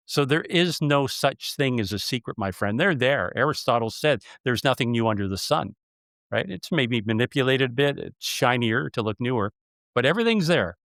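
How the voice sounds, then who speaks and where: A man's voice: mid-range voice, lively intonation, normal speed, vocal fry, fairly bright tone, no echo, studio quality. A man hosting a casual interview, telling stories with emphasis. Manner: storytelling, emphatic. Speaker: podcast host.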